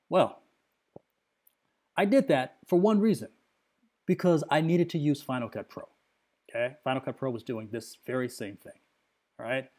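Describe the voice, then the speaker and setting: A middle-aged man with a mid-range voice talks through a screen recording of a software crash. He is agitated and rambling, and he keeps checking in with his viewers through fillers and tag questions. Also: mid-range voice, a little slow, pauses often. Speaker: computer user demonstrating a software crash.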